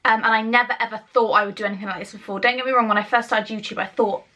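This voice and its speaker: A young woman talks straight into her camera, with a bright, forward tone. She rambles and restarts, filling gaps with ums and likes, open and personal. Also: medium pitch, steady tone, fast, hardly any pauses. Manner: chatty, rambling, fillers and self-interruptions. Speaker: YouTuber. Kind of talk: emotional personal vlog.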